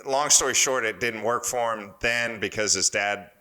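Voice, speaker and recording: Bright-voiced guy in his fifties on a podcast, telling a story all fired up. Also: on the low side, moderate pace. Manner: animated, excitable storyteller who acts out quotes. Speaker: guest, former wrestler and strength coach.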